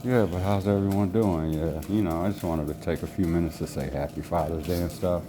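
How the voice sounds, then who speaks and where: A man with a very low voice hosts a casual podcast. He rambles in a relaxed way and swears offhandedly. Clear background noise runs under his voice. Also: a little fast. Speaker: podcast host. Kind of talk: casual solo podcast chat. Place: apartment building lobby, walking a dog. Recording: noisy background.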